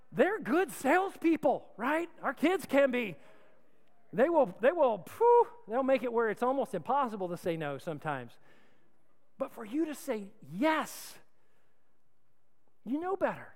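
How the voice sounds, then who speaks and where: A male pastor preaching a sermon, calling on the crowd to repeat lines back, swinging between loud and hushed. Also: high voice. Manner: call-and-response preaching, asks crowd to repeat. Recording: long hall reverb.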